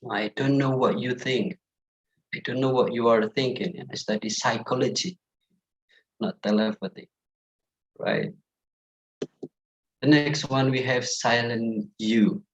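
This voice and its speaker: A man's voice: mid-range voice, dull audio. A young man with an Indonesian accent teaching English pronunciation in an online class, saying each word again and again to contrast the right and wrong ways.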